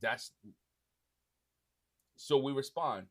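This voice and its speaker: A man's voice: medium pitch, normal speed, fairly bright tone. Man giving casual marriage advice. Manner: conversational, frequent "right?" tags and restarts. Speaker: podcast host speaking to husbands. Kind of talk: casual faith-based advice talk.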